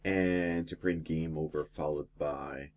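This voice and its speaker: A man with a very low, deep voice talks through a programming lesson on screen. He explains each step plainly, pausing with fillers now and then. Keyboard typing and mouse clicks sit faintly behind him. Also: steady tone, darkish tone. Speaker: teacher. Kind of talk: screen-recorded coding lesson.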